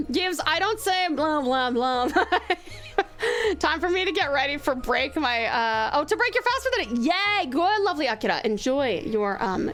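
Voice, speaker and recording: A young woman, streaming a game live, excitable, laughing and swearing as she talks to chat. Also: high-pitched. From Tasmania, Australia.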